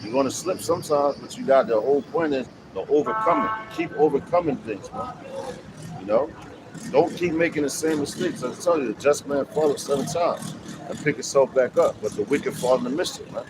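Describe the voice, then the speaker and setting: Man, street preacher, slangy and swearing, outdoors, loud traffic noise. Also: medium pitch, a little fast. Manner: slangy, swearing, loose and conversational. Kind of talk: street preaching with casual commentary.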